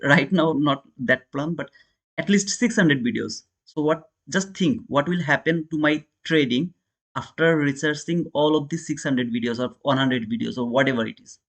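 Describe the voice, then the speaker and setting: Hosting a live trading stream, this Indian-accented day trader chats casually with viewers, answers the chat, and calls them brother. His voice sits fairly high and moves at a normal speed.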